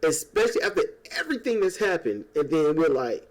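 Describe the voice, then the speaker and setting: A man's voice: fairly high pitch, big pitch swings. Rambling, profane man ranting. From United States. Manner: rambling, profane and sarcastic, with quick mocking impressions. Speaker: YouTuber. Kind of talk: casual political rant. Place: at home. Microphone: old desk microphone.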